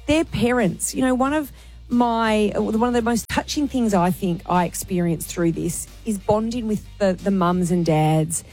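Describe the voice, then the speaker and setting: A woman's voice: medium pitch, measured pace, a little mellow, soft background music. A woman with an Australian accent hosting a radio show, making an earnest, emotional appeal to listeners. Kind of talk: talk radio chat.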